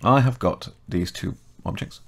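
A middle-aged man with a chatty, self-correcting manner, talking through a software modelling tutorial step by step. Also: fairly low pitch, a little slow, slightly rough. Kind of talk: casual screen-recorded software tutorial.

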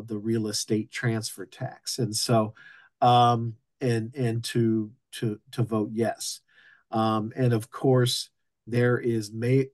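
A man, a union local president, giving town hall remarks haltingly, with many ums and restarts. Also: medium pitch, a little mellow.

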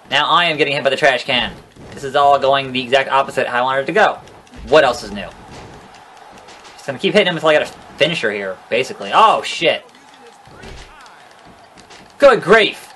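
A man giving casual gameplay commentary as a let's play gamer, joking around, getting excitable and swearing freely. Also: mid-range voice, a little hiss or hum.

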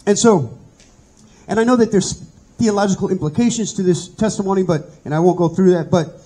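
High, husky middle-aged man teaching. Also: fairly quick, warm tone, rough recording. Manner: earnest, conversational storytelling. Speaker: Bible study teacher. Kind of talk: personal testimony in a teaching.

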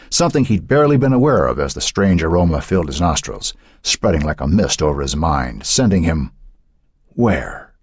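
A man narrating an audiobook in an expressive, suspenseful storytelling manner. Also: sits low, slightly rough, no room sound, studio quality.

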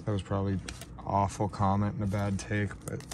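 A man hosting a casual card-opening vlog, talking in a slow, low-key way and getting shaky and overwhelmed with excitement. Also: background noise. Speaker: card-breaking channel host.

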